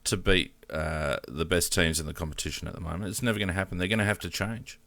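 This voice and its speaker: A very low-voiced Australian man runs a casual footy chat and gives blunt opinions between plenty of ums and uhs. His voice sits close and dry on the mic, with no room sound at all. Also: fairly even intonation, quick pace, gravelly, bright, forceful tone, no room sound. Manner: opinionated, hesitant with many fillers. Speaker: podcast host.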